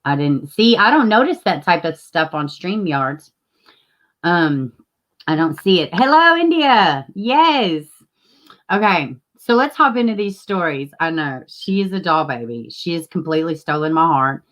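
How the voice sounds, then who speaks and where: A woman's voice: lowish voice, sing-song, unhurried, a bit bright. A woman, casually chatting with viewers as a livestream host and greeting them by name. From Tennessee, US.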